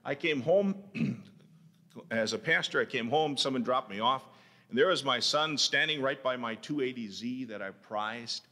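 A middle-aged male pastor preaching with a bright, forceful voice. He tells his stories with passion, rising to loud cries and dropping to hushed near-whispers. The sound is an old cassette recording with long chapel reverb. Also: mid-range voice, measured pace. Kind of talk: sermon. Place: college chapel.

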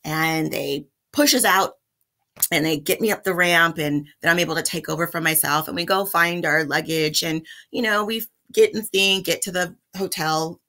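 Middle-aged woman vlogger, bright lower voice, chatty storyteller. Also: normal speed. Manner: chatty, animated, addresses viewers as y'all. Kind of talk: casual storytelling vlog.

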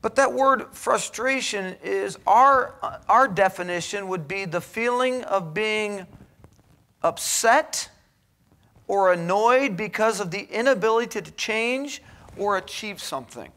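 A man's voice: high-pitched, takes it slowly, sharp tone. A man preaching a sermon in a college chapel, earnest and exhorting, pressing his points with rhetorical questions.

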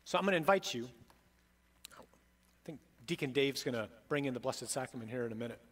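A middle-aged man, a priest, preaching a sermon with emphatic, dramatic delivery that swings between loud peaks and soft drops. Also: mid-range voice, lively intonation, a little fast, breathy edge.

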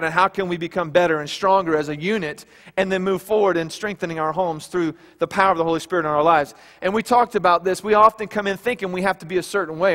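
A man with a high, light voice preaches in a church sanctuary, his words trailing into a long hall reverb. He talks to the congregation plainly and conversationally, tossing out rhetorical questions as he goes. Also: fairly bright tone. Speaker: pastor. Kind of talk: sermon.

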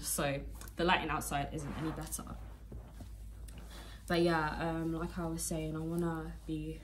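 Young woman vlogger, stuffy-nosed, low-ish voice, chatty filler-heavy rambling to camera at home. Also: slight background noise. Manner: rambling and chatty, full of fillers, often says "guys". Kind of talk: casual chat to camera. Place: home, indoors, small rooms.

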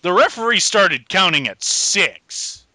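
A man's voice: high voice, sing-song, slow pace, bright, forceful tone, no echo. A man hosting a podcast, recapping a wrestling show in casual chat with dry, sarcastic play-by-play. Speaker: podcast host.

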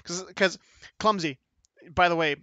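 A man's voice: sits high, unhurried, no room sound, muffled recording. A young man chatting casually to viewers while he streams and drives, rambling, restarting his sentences and laughing a lot. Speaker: streamer and mod developer. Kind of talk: casual live-stream chat while driving. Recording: loud game engine noise behind the voice.

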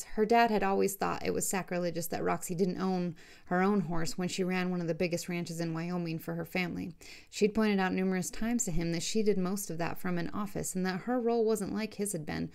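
A woman, the author, narrating her own romance novel as an audiobook in a steady, unhurried reading. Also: on the low side, creaky.

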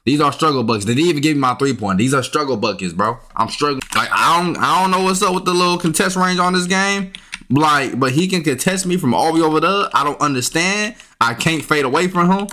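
A man's voice: on the high side, animated, fairly quick, pushed and bright. A young man, giving casual gameplay commentary, frustrated and trash-talking, with sudden yelps when annoyed. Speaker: gaming YouTuber. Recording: faint keyboard and mouse clicks.

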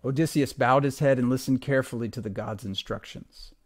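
A man, a teacher, reading a retold myth aloud to a class in an expressive, steady storytelling voice. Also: mid-range voice, brisk, no room sound.

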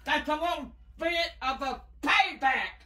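An older woman making prank videos, cursing and yelling at her grandson in rough, profane banter. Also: high voice, unhurried. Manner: foul-mouthed, yelling, cackling.

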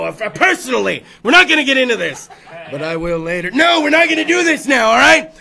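A man's voice: very high voice, very animated, a little fast, creaky, sharp tone. A man hosting a talk show, riffing through rowdy, profane comedic bits and putting on voices for the stories. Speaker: podcast host.

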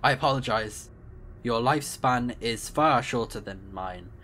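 A man's voice: medium pitch, unhurried, bright, forceful tone, slight background noise. A man reading a formal starship AI. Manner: stiff, polite, formal reading with stumbles. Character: formal, dutiful male starship AI. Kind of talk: reading game dialogue aloud.

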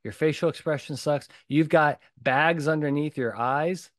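Hosting his own podcast alone, a man speaks a little slowly in a higher-leaning voice, with studio quality and no room sound. The delivery is blunt, animated, and emphatic, full of punchy repeated lines.

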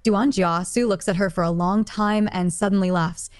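A woman narrating a translated romance novel as an audiobook, in a plain, even read-aloud delivery. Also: mid-range voice, unhurried. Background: faint music.

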